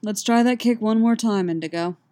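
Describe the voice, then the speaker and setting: A woman reading the lines of a gruff adult male martial arts coach who talks curtly. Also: medium pitch, brisk, warm tone, voice pushed up, close to an everyday voice. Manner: curt and grumbling.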